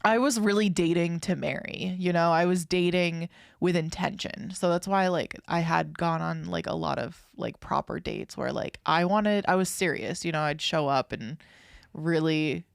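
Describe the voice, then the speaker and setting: Gravelly-voiced woman telling a story. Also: lowish voice, moderate pace, no room sound, studio quality. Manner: rambling, many fillers and restarts, laughs often. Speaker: podcast co-host. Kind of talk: casual chat, storytelling.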